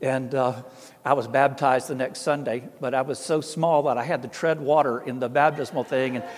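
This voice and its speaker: A man's voice: medium pitch, fairly even intonation, moderate pace. A middle-aged man with an Appalachian Southern accent, an Orthodox priest telling folksy, self-deprecating stories and acting out the voices he quotes. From American South. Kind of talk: storytelling talk. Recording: long hall reverb.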